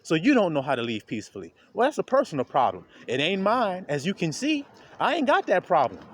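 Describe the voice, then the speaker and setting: A man with a high, lively voice preaches to his viewers from outdoors among the trees. He talks straight at them, his voice swinging up and down, and climbs to a loud preaching pitch. It sounds like a phone held as he walks. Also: brisk, a little hiss or hum. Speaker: street preacher. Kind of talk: informal outdoor video sermon.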